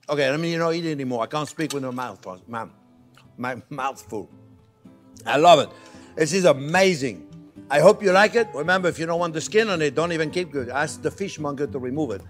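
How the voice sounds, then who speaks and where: A man hosting a cooking show, talking playfully and with enthusiasm as he cooks, tastes and keeps calling the viewers friends. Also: on the high side. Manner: enthusiastic, gushes over the food. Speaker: chef and cooking show host. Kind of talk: casual cooking demonstration. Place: kitchen.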